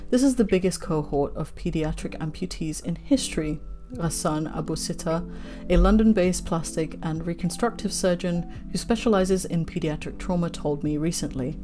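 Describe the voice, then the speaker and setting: A woman's voice: fairly low pitch, normal speed, music in the background. Angry woman reading news aloud. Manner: swears often in heated asides, near tears.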